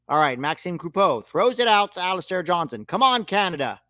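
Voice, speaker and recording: A young man calls the match live for his watch-along audience, swearing at the referee when riled. His voice runs a little high and swoops all over, with a bright, sharp edge. The recording is close and dry. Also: very animated, a little fast, hardly any pauses, dry recording.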